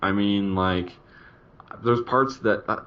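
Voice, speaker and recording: A man's voice: fairly low pitch, muffled recording. A man co-hosting a casual movie review chat, speaking hesitantly with many fillers. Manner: slow, hesitant, lots of fillers. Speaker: podcast co-host.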